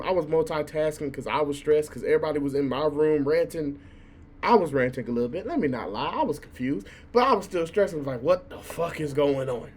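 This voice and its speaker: A young man in his twenties, a college student vlogger, telling a story in a casual, animated rant, swearing freely and stumbling over repeated words. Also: fairly high pitch, a little hiss or hum.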